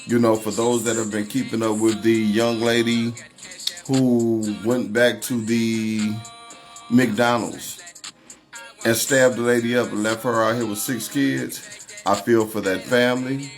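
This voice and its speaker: A man's voice: medium pitch, flat delivery, measured pace, soft background music. A man hosting a casual livestream, greeting viewers by name and talking over the news in a loose, conversational way. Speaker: livestream host.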